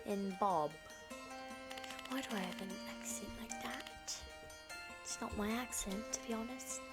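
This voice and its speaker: Excitable New Zealand woman gamer. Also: medium pitch, a little slow. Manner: excitable, yelling reactions and chatty asides to game characters. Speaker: gaming streamer. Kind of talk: casual let's-play commentary. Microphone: desk microphone. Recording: loud game music over the voice. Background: loud game music.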